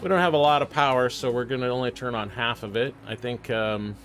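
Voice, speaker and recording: A man's voice: mid-range voice, fairly even intonation, brisk, fairly bright tone, faint music behind. A man streaming a building game, muttering half-sentences to himself and chatting casually with his viewers. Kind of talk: casual live-stream commentary while playing.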